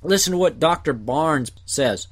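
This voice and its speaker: A man teaching a Bible passage verse by verse, explaining Greek words in short, deliberate phrases. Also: a little high, animated, husky. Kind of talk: slow verse-by-verse Greek word study.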